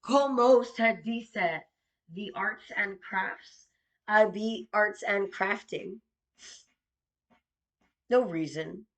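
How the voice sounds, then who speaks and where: A woman's voice: mid-range voice, very slow, long pauses. A woman doing stand-up comedy, swearing freely and mixing in Spanish phrases. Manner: profane, mixes in Spanish phrases.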